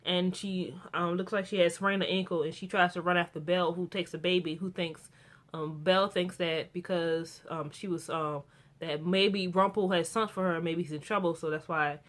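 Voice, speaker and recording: A woman's voice: lowish voice, normal speed. A young woman recapping a TV episode in a casual, rambling way, full of restarts and fillers. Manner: gets excited and animated about the characters. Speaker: TV show reviewer.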